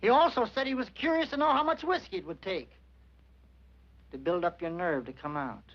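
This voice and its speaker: Nervy, high-pitched western blowhard, played by a man; muffled 1940s soundtrack. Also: fairly quick, close to an everyday voice. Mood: nervous. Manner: rambling, folksy drawl. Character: jittery boastful frontier loudmouth messenger. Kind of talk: 1940s western film acting. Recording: muffled old film soundtrack with score.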